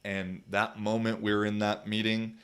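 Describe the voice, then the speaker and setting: Low-voiced young man, rambling and profane. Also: level tone, normal speed, clean tone. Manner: profane, rambling, full of fillers. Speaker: podcast host and football player. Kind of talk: casual storytelling on a podcast.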